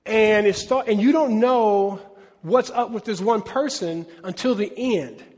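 A man's voice: high-pitched, darkish tone, breathy edge, in a large hall. A middle-aged man preaching a sermon to his church, animatedly acting out biblical dialogue. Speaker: pastor.

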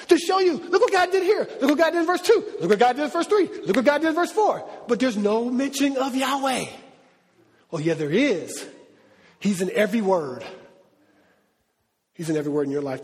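A middle-aged man preaching a sermon in a lively, conversational way with slang. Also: very high-pitched, moderate pace. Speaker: pastor. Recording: long reverb of a large hall.

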